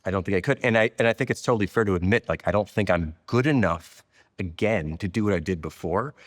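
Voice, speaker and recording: Candid low-voiced man, long reverb. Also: quick pace, studio quality. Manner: reflective, candid, affirming with short yeses. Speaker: guest, software company founder. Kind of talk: casual conversation.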